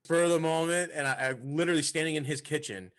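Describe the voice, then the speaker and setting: A man co-hosting a casual podcast, an excitable storyteller who swears freely. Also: a little high, quick pace. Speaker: podcast co-host.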